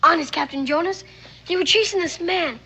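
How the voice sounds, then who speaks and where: A woman's voice: very high voice, a little fast, pushed and bright, slight background noise. A performer playing an honest, eager young boy in a 1960s TV western drama. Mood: earnest. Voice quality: earnest and eager.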